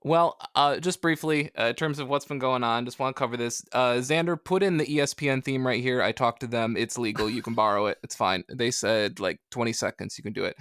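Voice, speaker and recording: A man's voice: medium pitch, a little fast, few pauses, fairly bright tone, clear, resonant tone, no echo, studio quality. A man co-hosting a casual comics podcast, rambling and joking at his own expense. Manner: rambling, joking, self-deprecating. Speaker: podcast co-host. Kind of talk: casual chat.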